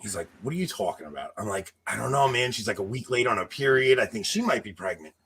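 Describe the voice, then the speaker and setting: A man in his thirties telling a long personal story in casual chat, animated and laughing, acting out what people said. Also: lowish voice, quick pace. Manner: animated, laughing, acts out quotes. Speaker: podcast co-host telling a story.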